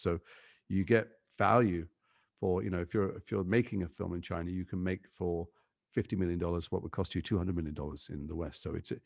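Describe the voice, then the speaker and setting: A middle-aged male actor being interviewed, telling animated stories and mimicking voices. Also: low-pitched, creaky, no room sound, studio quality. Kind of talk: interview conversation.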